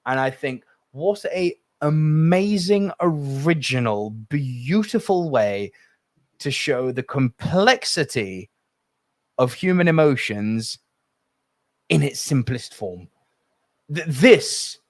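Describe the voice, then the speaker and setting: A man's voice: mid-range voice, no echo. A man hosting a solo podcast, talking passionately and in a rambling way while reading out live chat comments. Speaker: podcast host.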